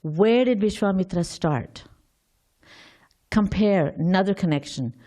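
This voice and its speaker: A woman's voice: medium pitch, lively intonation, measured pace, mellow. A woman giving an informal scripture class, thinking aloud, quizzing her listeners and often restarting her sentences.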